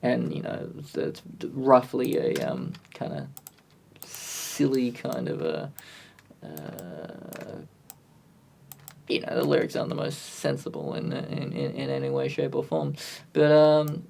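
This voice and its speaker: A man's voice: extremely low pitch, very animated, slow, vocal fry, dark tone, a little hiss or hum. A man live-streaming a music recording session, thinking aloud and chatting with viewers in a self-deprecating way. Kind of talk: casual live-stream chat.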